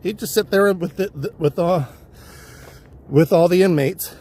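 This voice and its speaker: A man's voice: high voice, a little slow, darkish tone. A man livestreaming while hiking a trail, casually telling a wandering, profane story. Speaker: livestream vlogger. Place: outdoor hillside trail.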